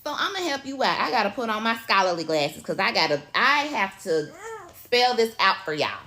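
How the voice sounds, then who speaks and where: Bright-voiced Mississippi woman ranting. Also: medium pitch, normal speed. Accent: Mississippi Southern US. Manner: blunt, profane, lively storytelling. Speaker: social media commentator. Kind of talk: casual vlog rant.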